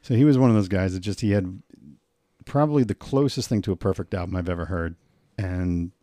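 A man's voice: deep voice, brisk, warm tone, no room sound, studio quality. A man co-hosting a casual chat, earnest and agreeable, often backing up his partner with yeahs.

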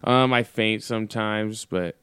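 A man's voice: lowish voice, unhurried, fairly bright tone, smooth, no echo, clean studio sound. A man chatting casually as a podcast guest, upbeat and laughing off hard times. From United States. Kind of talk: casual chat.

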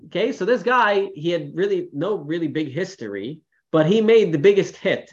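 A man, a rabbi teaching a class in a casual, storytelling way, lively when quoting people, with many fillers. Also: high-pitched, normal speed, lo-fi sound. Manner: storytelling with animated quoted voices, many fillers. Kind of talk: informal Torah class talk.

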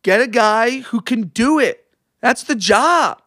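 A young man talks in loose, rambling casual chat with lively, swooping pitch. He swears freely and speaks into a close, dry mic with no room sound. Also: slow, no echo. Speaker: podcast co-host.

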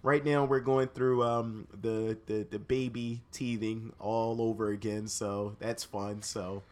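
A man's voice: lowish voice, little pitch movement, slow pace, a little mellow. A man co-hosting a casual dad podcast, speaking in an easygoing, rambling way. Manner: easygoing, rambling, many "you know" fillers. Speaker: podcast co-host.

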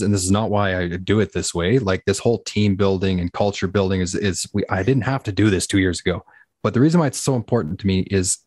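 A man who owns a business, telling stories in a fast, animated way with lots of "like"s in a casual podcast chat. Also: lowish voice, no room sound, clean studio sound. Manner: fast, animated storytelling with many "like"s. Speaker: guest business owner.

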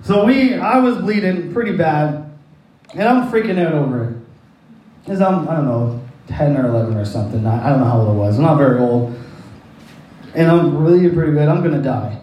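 A man's voice: on the high side, expressive, brisk, warm tone. A man preaching a sermon who tells a personal story in a rambling, folksy way and laughs at his own jokes. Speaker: pastor. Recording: echoey hall, distant mic.

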